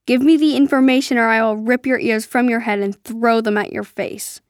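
A woman voicing a fierce young female thief warrior who growls threats, higher and louder than her narration. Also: steady tone, no echo, studio quality, natural voice. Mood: menacing. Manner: growling threats, brisk and impatient.

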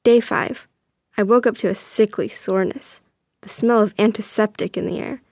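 A young woman reading a first-person story aloud as narrator, earnest and steady. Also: medium pitch, moderate pace, vocal fry, dry recording.

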